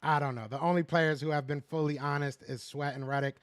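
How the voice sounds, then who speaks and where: A man's voice: a little high, steady tone, a little fast, dry recording. A man hosting a casual fan podcast, ranting in frustration, repeating himself and answering viewers' chat. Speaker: podcast host reading live chat.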